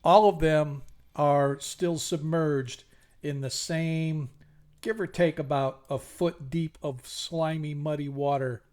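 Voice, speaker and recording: A man runs a tabletop game as its game master, setting each scene in a slow, unhurried way. His voice sits a little high for a man. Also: steady tone, darkish tone. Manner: slow, measured scene narration with fillers.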